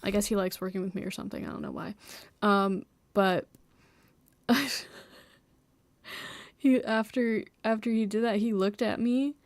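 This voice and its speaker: A woman's voice: mid-range voice, fairly even intonation, measured pace, long pauses, no echo. A young woman chatting casually on a live stream from home, rambling, giggling and mocking herself, sometimes dropping to a whisper.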